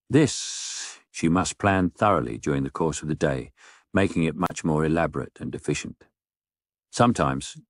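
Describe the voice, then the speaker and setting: A middle-aged man narrates a comic monologue with a voice pitched very low. His delivery is wry and deadpan, with mock-indignant asides, and his voice is close and dry in a room with no echo.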